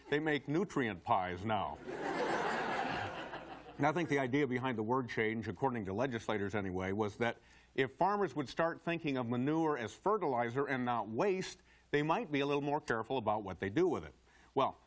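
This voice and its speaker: A man delivering a mock-earnest comedy commentary, breaking into yelled punchlines. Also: medium pitch, slight background noise.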